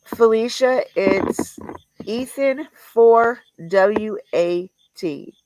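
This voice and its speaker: A grieving livestreamer who talks in a halting, rambling way, with many fillers and restarts, recorded on a close mic. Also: mid-range voice, a little mellow, slight background noise, rough recording. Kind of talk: emotional memorial livestream talk.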